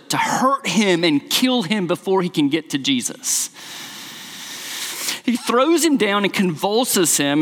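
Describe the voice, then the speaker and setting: A man preaching a sermon as pastor, earnest and emphatic, speeding up and slowing down to stress his points. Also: fairly bright tone, big-room sound. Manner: earnest, emphatic, varies pace and pitch widely.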